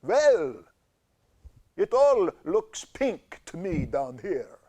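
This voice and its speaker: A man's voice: sits high, sing-song, drawn-out words, warm tone, voice pushed up, exaggerated voice. A man doing a whiny talking cancer tumor. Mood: wheedling. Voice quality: old horror-film vampire drawl. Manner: easily offended, pleading. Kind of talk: comic monologue skit.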